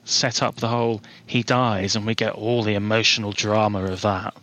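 A man's voice: fairly low pitch, little pitch movement, moderate pace, fairly bright tone. A man co-hosting a podcast, critiquing a film scene in casual chat with wry remarks and frequent ums. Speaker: podcast co-host.

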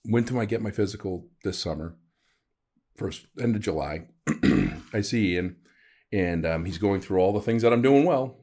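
Man, 40s, podcast host, fairly low voice, casual storytelling, animated, self-deprecating humor. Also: moderate pace, husky.

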